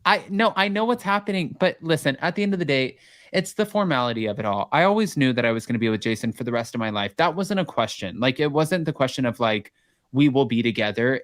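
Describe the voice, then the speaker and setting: A man co-hosting a casual podcast chat, telling jokey stories in an animated, profane way. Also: mid-range voice, no echo, studio quality. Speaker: podcast co-host.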